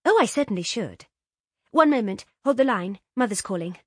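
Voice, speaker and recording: A woman's voice: a little high, animated, moderate pace, slightly rough, no echo, clean studio sound, pitched above the performer's own voice. A woman reading aloud and voicing an eager, effusive young upper-class girl. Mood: gushing.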